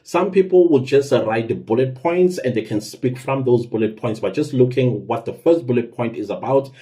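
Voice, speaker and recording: A man talks through advice in a loose, conversational way, leaning on certain words for emphasis and now and then trailing off into fillers. His voice sits mid-pitch with a dark, mellow tone. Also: moderate pace. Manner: conversational, lively emphasis, self-corrections and fillers. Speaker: podcast host giving tips. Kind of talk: casual instructional talk.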